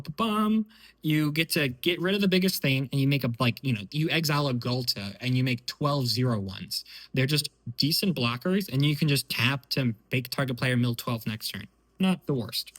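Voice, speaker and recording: A man walking through his card game deck, thinking aloud in a relaxed way with small fillers and self-corrections. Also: mid-range voice, low-quality recording. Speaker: deck tech host. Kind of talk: casual card-by-card explanation.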